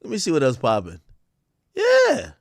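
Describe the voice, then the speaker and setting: A man hosting a casual livestream talks in a loose, profane way, and his pitch swings widely. His voice sits a little high for a man and jumps up for sudden loud outbursts. The sound is close and dry, with no room around it. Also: wildly swooping pitch, moderate pace, creaky, no echo. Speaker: livestream host.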